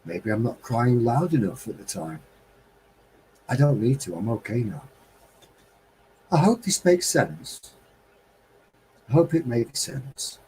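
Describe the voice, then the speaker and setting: A man's voice: mid-range voice, big pitch swings, slow pace, pauses often, dark tone, a little hiss or hum, rough recording. A middle-aged man from England hosting a live stream, musing in a heartfelt, rambling, wistful way. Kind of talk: reflective casual monologue.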